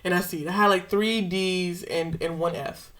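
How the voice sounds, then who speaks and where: A woman's voice: on the low side, normal speed. Young woman telling an emotional story. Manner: emotional, animated retelling with slang. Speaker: vlogger. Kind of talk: casual storytelling.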